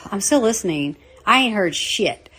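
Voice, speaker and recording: A woman's voice: mid-range voice, animated, slow, bright, forceful tone, husky. A woman with a Southern US accent leaving a casual voicemail, blunt and joking, with a lot of swearing.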